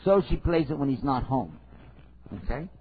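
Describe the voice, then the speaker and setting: A man's voice: medium pitch, big pitch swings, normal speed, breathy edge. A man giving a religious lecture in a conversational style, telling stories and asking rhetorical questions. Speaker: Islamic preacher. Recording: tinny phone-like lo-fi recording.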